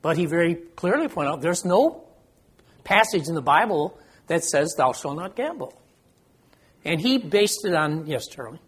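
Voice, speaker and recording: Older man leading a Bible study, husky. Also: fairly high pitch, animated, moderate pace, a bit bright. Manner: conversational, asks the group questions, self-deprecating. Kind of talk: informal Bible study teaching.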